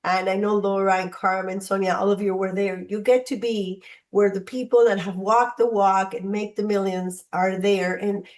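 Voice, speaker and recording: A woman's voice: mid-range voice, flat delivery, normal speed, few pauses. A woman hosting a group video call, chatty and encouraging, speaking to the members by name. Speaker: host of a mentoring call. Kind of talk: casual motivational talk on a group call.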